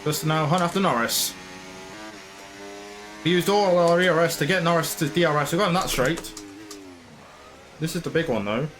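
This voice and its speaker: A man's voice: a little high, normal speed, long pauses, fairly bright tone, a little hiss or hum. A man commentating his own racing game, frustrated and ranting. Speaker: gaming channel host.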